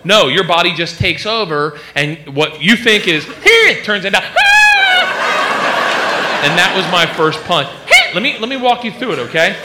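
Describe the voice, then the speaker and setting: Animated stand-up comedian, high voice. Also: male voice, fairly quick, hardly any pauses, heavy background noise. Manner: animated, acts out sounds.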